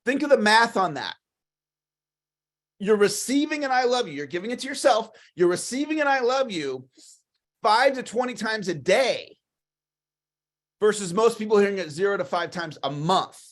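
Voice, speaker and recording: High-voiced enthusiastic male sales coach. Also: animated, normal speed, pauses often. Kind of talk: motivational livestream talk.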